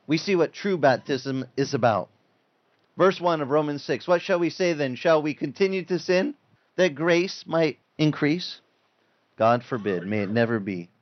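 A man's voice: fairly high pitch, dull audio. Man preaching a conversational sermon. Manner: conversational preaching, quoting scripture. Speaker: pastor.

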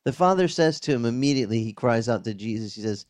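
A male pastor preaching a conversational, animated expository sermon. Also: mid-range voice, fast, hardly any pauses.

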